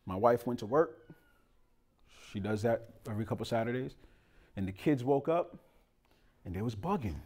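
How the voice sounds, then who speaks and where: At medium pitch and a moderate pace, with long pauses, a man preaches as pastor. He spins humorous family anecdotes in an animated, colloquial style and addresses the congregation directly.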